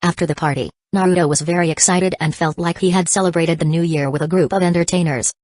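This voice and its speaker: Low-voiced woman reading an audiobook. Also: steady tone, quick pace, darkish tone, no echo. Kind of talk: audiobook narration.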